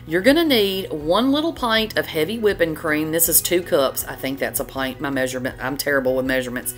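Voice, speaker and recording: A woman's voice: low-pitched, expressive, fairly quick, soft background music. A middle-aged woman, hosting a cooking channel in a chatty, folksy voiceover. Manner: chatty, folksy, says y'all a lot. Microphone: voiceover mic.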